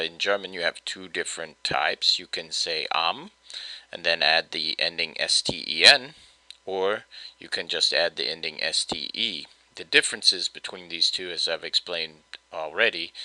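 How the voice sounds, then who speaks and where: A man's voice: deep voice, pushed and bright, no room sound, low-quality recording. A man teaching German grammar in a patient, step-by-step way, with the odd filler. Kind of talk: explanatory lesson.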